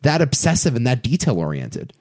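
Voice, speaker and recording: A man co-hosting a casual movie podcast, animated and swearing freely as he reads out film details and jokes. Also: mid-range voice, fairly quick. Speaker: podcast co-host.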